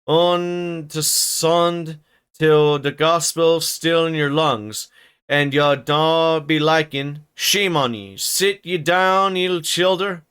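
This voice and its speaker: A man voicing a dour, pious old male servant, scolding slowly in a broad rustic dialect. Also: a little high, fairly even intonation, a bit bright, clean tone, voice pushed up.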